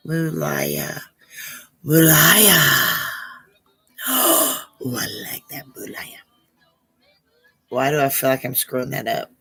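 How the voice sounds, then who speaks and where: A woman's voice: low-pitched, vocal fry, fairly bright tone, breathy edge. A woman hosting a live psychic Q&A stream, chatting casually with viewers and calling them baby. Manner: affectionate, calls viewers baby, struggles over names.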